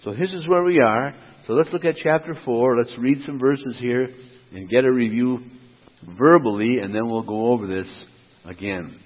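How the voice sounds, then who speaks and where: A man's voice: medium pitch, moderate pace. A man preaching a sermon in a rhythmic, emphatic cadence that sets one idea against another. His voice comes through thin and phone-like. A long reverb trails each phrase, as in a church hall. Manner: emphatic, rhythmic contrasts, asks and answers himself. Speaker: pastor.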